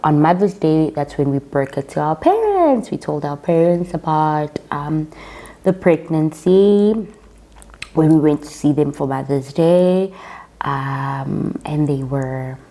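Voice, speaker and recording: A woman's voice: low-pitched, expressive, slow pace, mellow. A young South African woman vlogging casually, retelling a personal story with quoted dialogue and often calling her viewers guys.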